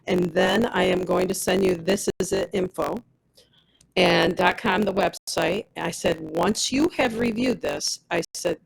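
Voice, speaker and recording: A woman's voice: lowish voice, a little slow, vocal fry, husky, poor audio. A woman giving a personal testimonial as a product rep, telling her story with animation and acting out the dialogue of others.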